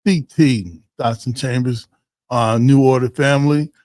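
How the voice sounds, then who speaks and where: A man's voice: medium pitch, fairly even intonation, measured pace, darkish tone, no echo. Host, male, easygoing livestream chat, loose and rambling, dry close sound. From Ohio. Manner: loose and joking, many fillers and restarts. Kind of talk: casual livestream chat, reading viewer comments.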